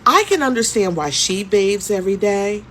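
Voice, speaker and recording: A woman's voice: medium pitch, expressive, moderate pace, a bit bright, a little hiss or hum, close to an everyday voice. A woman voicing an elderly white woman in her eighties, stating her views in a prim, matter-of-fact way.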